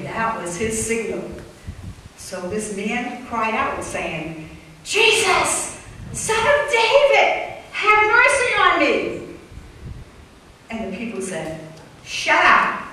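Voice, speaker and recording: A woman pastor preaches with a bright, fairly high voice that leaps up and down in pitch. She is picked up from a distance in a very echoey hall, with faint room ambience behind her. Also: a little hiss or hum. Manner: animated preaching, shouting quoted cries. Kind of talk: sermon.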